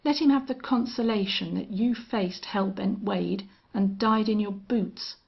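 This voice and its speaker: A steely old gunfighter, as a woman narrator puts him on, flat and cold, each threat unhurried. Her voice has a husky, gravelly edge, and the recording sounds muffled and lo-fi. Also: mid-range voice. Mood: menacing. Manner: strange, monotonous, cold. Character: grim, steely older male gunfighter and hunter.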